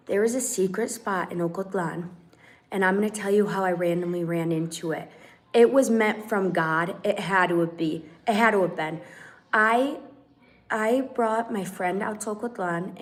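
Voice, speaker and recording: A woman hosting a casual live stream at home, telling a story animatedly and acting out the dialogue. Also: medium pitch. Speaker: channel host. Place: home in Mexico.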